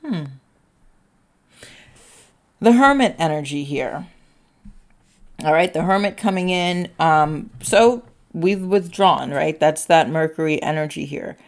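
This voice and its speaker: A woman giving a casual tarot reading, chatty, peppering her talk with "like" and "right?", and slipping into quick acted-out quotes. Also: low voice, lively intonation. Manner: chatty, fills speech with "like" and "right?". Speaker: tarot reader.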